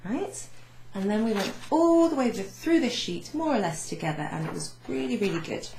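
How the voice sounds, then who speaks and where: A woman teaching beginners French from her office, going over phrases slowly with many fillers and repeating each example. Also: fairly high pitch, expressive, creaky, darkish tone, roomy sound, slight background noise, rough recording. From Wales. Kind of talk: recorded lesson recap for students. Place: home office with blinds closed.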